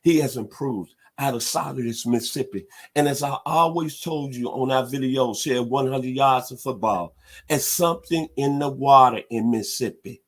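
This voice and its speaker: A middle-aged man hosting a sports talk show, hyping teams in an animated, preacher-like way. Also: mid-range voice, moderate pace. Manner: animated, preacher-like hype with loud hog calls.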